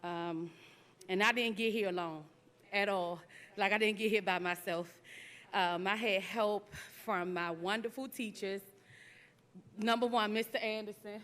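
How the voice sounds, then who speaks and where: A young woman graduate giving an emotional, halting speech, laughing between phrases. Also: medium pitch, steady tone, fairly bright tone. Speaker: graduating student.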